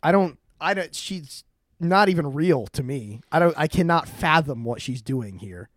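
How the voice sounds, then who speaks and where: A man's voice: fairly high pitch, normal speed, no echo, clean studio sound. Rambling young man telling a story. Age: young adult. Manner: rambling, animated, swears often. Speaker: podcast co-host. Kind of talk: casual storytelling chat.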